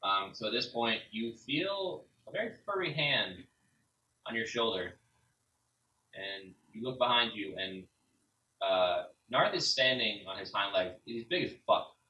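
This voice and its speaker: A man's voice: fairly low pitch, animated, a little slow, sharp tone, dull audio. A man narrating as a tabletop game master, rambling and full of filler words. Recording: roomy, from a distance.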